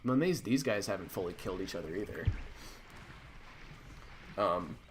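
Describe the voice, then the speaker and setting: A man's voice: sits low, animated, moderate pace, slight background noise. A man hosting a stream, telling a story in a casual, rambling way with many fillers and restarts. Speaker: stream host.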